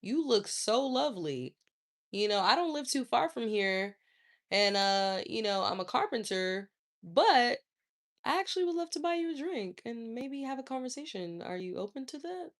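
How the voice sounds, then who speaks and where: A woman voicing a courteous man who introduces himself and offers to buy a drink, speaking smoothly and gently. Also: on the high side, sing-song, normal speed.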